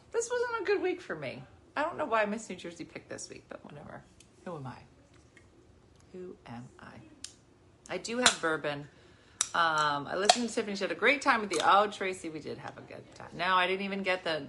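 A woman in her forties hosting a casual chat with viewers from her living room, chatty and animated, jumping from topic to topic. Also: lowish voice, slight background noise. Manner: chatty, animated, jumps between topics and laughs often. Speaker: livestream host.

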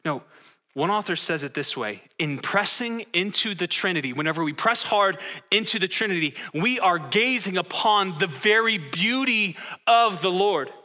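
A man preaching with a very bright, forceful tone, drawing his congregation in with questions. His pitch sits a touch high for a man, and his delivery stays lively and interactive. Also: normal speed. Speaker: pastor. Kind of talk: interactive sermon teaching.

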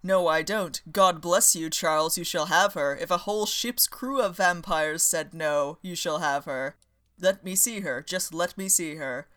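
A woman voicing a gruff, blustering old male naval admiral who swears heartily. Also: on the low side, a little slow, a bit bright. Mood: scolding.

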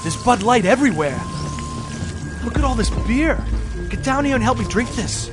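An actor playing a rowdy young male partygoer in a beer commercial, calling out excitedly. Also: extremely high pitch, normal speed, music in the background.

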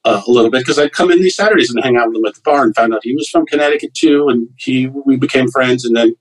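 Husky-voiced man telling stories. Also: mid-range voice, fast, low-quality recording. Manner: loose anecdotal, lots of fillers and restarts. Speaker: comedian guest. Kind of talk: casual storytelling interview.

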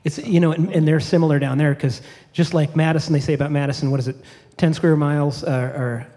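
A man from Wisconsin hosting and asking chatty, lively questions. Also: on the high side, quick pace, in a large hall. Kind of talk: casual interview chat.

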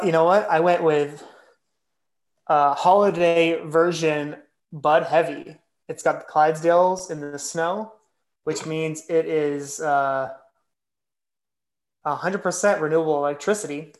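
A man's voice: a little high, fairly even intonation, a little slow, pauses often. A man co-hosting a casual podcast, joking in a laid-back way. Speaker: podcast co-host. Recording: roomy echo.

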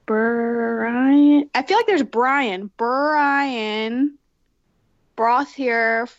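A woman chatting casually during a party word game, giggling and slowly repeating phrases as she works them out. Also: a little high, dry recording, lo-fi sound. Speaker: game player. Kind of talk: casual chat.

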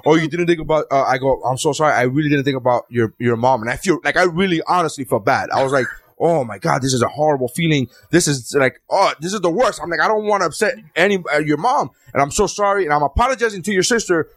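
A man's voice: fairly high pitch, expressive, fast, dry recording. A man in casual chat, telling a story and acting out the quoted lines of each person. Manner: storytelling, acts out quoted dialogue.

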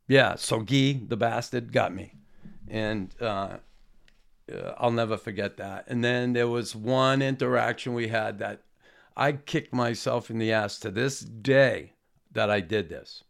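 A man, a former hockey player, telling old stories in a rambling, halting way with casual swearing. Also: fairly low pitch, creaky. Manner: rambling, halting, with frequent restarts and fillers; swears casually, self-deprecating. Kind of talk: casual storytelling.

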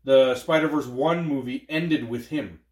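A man's voice: medium pitch, unhurried. Joking man in an echoey room. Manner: joking, laughs often, excitable. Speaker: podcast co-host. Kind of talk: casual chat.

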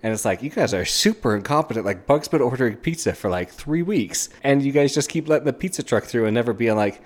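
A man hosting a casual solo book review podcast, rambling and animated, and he acts out characters' lines. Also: mid-range voice, quick pace.

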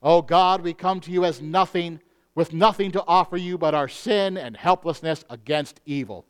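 A male pastor preaching a sermon in an earnest manner, slowing down on key phrases. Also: on the high side, clear, resonant tone.

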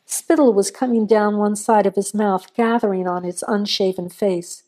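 A woman narrating a suspense story in a measured, suspenseful reading. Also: medium pitch, fairly even intonation, mellow.

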